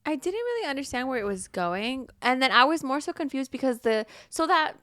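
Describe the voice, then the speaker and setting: A woman co-hosting a book podcast, recapping scenes in relaxed casual chat with quoted lines. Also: high-pitched, fairly quick, dry recording, studio quality. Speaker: podcast co-host.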